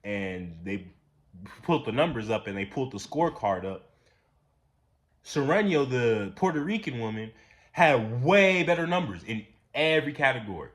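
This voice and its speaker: A man giving a casual, profane, ranting commentary, repeating himself and getting louder when worked up. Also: medium pitch, normal speed. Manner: animated, repetitive, profane, rising to near-shouts when worked up. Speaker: commentary channel host.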